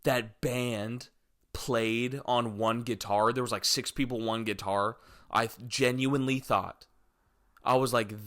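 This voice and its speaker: A young man in his twenties talking through a casual solo podcast at a middle pitch. He rambles from topic to topic, joking around and swearing without a second thought. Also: fairly even intonation, slow, a bit bright. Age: 20s. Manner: rambling, jokey, swears freely, drifts between topics. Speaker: podcast host.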